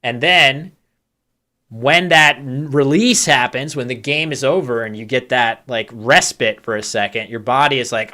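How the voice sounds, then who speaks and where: A man's voice: mid-range voice, measured pace, sharp tone. A man commentating a live board-game tournament in a casual, chatty way, with candid joking asides and self-deprecating humor.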